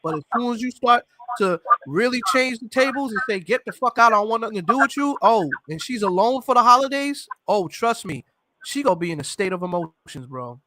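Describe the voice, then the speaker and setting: A man hosting a casual chat, emphatic and quick to agree. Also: sits high, expressive, pushed and bright. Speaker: host.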